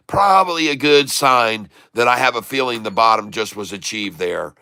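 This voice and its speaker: A middle-aged man with a Southern US accent rambles and jokes through a casual trading livestream. His voice is bright and crisp. The sound is close and dry. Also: mid-range voice, normal speed, hardly any pauses, no room sound. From Florida, US. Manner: rambling, jokey, chatty with viewers. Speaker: day-trading livestream host. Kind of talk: casual live-stream chat.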